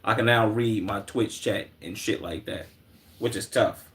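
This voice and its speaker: A man's voice: lowish voice, measured pace, fairly bright tone. A young man from Chicago streaming, chatting casually in a laid-back, slangy, profane way at a desk microphone.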